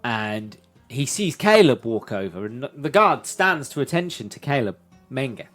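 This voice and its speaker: A man's voice: mid-range voice, very animated, normal speed, fairly bright tone, faint music behind. Man running a tabletop game. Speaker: game master.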